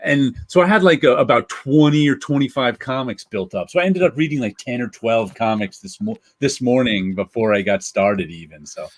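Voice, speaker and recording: A man co-hosting a casual podcast chat, lively and quick to laugh, often restarting his sentences. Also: mid-range voice. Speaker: podcast co-host.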